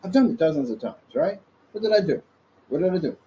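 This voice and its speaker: A man's voice: fairly high pitch, expressive, fast talker, warm tone, poor audio. Combative man ranting in a rambling vlog. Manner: rambling, combative, taunting critics directly. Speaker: small business owner vlogging. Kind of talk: casual off-the-cuff vlog rant. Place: office indoors.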